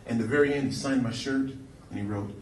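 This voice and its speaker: A man doing a stand-up routine, telling animated stories and slipping into celebrity voices. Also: medium pitch, brisk. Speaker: stand-up comedian. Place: comedy club stage. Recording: roomy club sound from a distant mic, crowd laughter and noise.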